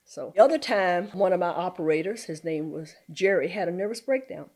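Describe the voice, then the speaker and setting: Older southern woman, lively storyteller, lots of pitch swing, laughs a lot. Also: brisk. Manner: animated storyteller, laughs often. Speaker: interview guest, community activist. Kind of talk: storytelling interview.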